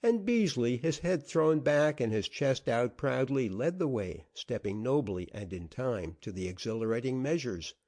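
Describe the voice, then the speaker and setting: An expressive male storyteller reading an old-fashioned tale. His pitch sits mid-range but moves a great deal, rising and falling with the drama. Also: normal speed, few pauses. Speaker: audiobook narrator. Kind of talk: storytelling narration.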